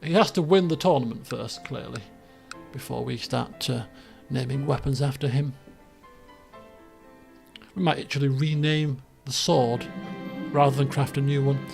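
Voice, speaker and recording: A man giving casual gameplay commentary, rambling with lots of fillers and the odd excited outburst. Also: mid-range voice, unhurried, vocal fry, faint music behind. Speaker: let's play gamer.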